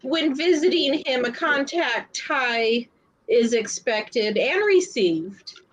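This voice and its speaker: A woman in a casual chat, teasing and reacting quickly to the others. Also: high voice, animated, rough recording.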